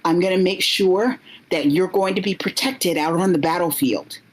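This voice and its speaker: Woman as a soft protective mother. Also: on the low side, normal speed, pitched above the performer's own voice, natural voice, rough recording. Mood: tender. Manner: soft, reassuring, pleading. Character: loving, protective mother of a child.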